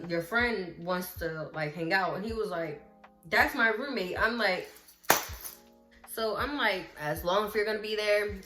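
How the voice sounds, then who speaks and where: A woman vlogger telling a story in casual chat, lively, acting out what people said and talking straight to her viewers. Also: mid-range voice. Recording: roomy echo with faint music.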